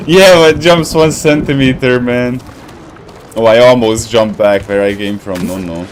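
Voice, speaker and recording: A man's voice: mid-range voice, slight background noise. Laughing man rambling over a game. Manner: laughs often, rambling and joking, searches for words. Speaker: gaming streamer. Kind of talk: casual gameplay commentary.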